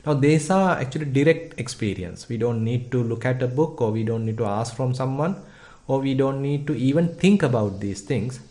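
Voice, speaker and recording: A Buddhist monk from Sri Lanka with a Sri Lankan accent, giving meditation instruction in a measured, thoughtful way with frequent pauses and fillers. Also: male voice, medium pitch, lively intonation, warm tone. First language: Sinhala.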